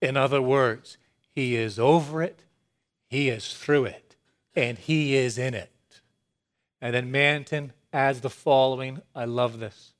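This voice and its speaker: This is a sermon from a man who has young children; his tone swings between quiet, measured lines and excited, forceful declarations.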